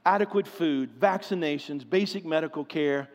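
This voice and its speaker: A man preaching a sermon with passion, swinging from loud pleading to hushed, quiet stretches. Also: a little high, moderate pace. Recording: long hall reverb.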